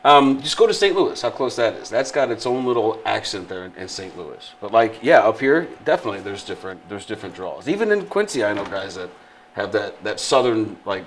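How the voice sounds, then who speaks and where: A man's voice: lowish voice, big pitch swings. A man from Illinois co-hosting a podcast, rambling and joking in casual banter, with a faint hiss behind him. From Illinois, Midwest. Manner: joking, rambling, does quick mock accents. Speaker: podcast co-host.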